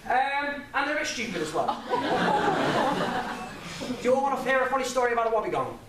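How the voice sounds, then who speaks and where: High-voiced young man in echoey room. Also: sing-song, moderate pace, very noisy. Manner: chatty, jokey, laughs at own stories. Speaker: guest speaker. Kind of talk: informal public talk. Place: lecture room with audience. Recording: echoey room, mic at a distance.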